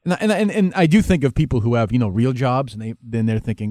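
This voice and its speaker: A man, a talk radio host, speaking candidly and emotionally in an interview, with frequent halting restarts. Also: mid-range voice, darkish tone, no room sound, studio quality. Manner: halting, many restarts, emotional and self-critical.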